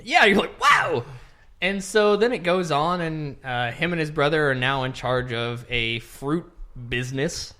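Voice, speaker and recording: Young man, podcast co-host, casual chat, lively film recap, acts out lines. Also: on the high side, moderate pace, hardly any pauses. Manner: animated storytelling, acting out characters' lines. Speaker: podcast co-host reviewing a movie.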